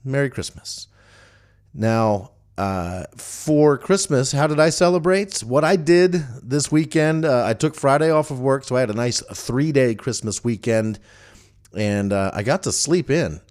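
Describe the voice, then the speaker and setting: A man's voice: mid-range voice, lively intonation, unhurried, darkish tone. A man hosting a casual solo podcast, rambling and chatty with frequent fillers and restarts. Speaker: podcast host.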